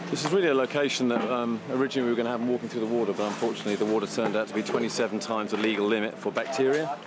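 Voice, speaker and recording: Brief: crew man, rapid and offhand, loud outdoor noise. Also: mid-range voice, fairly even intonation. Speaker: crew member on location. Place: outdoor film location.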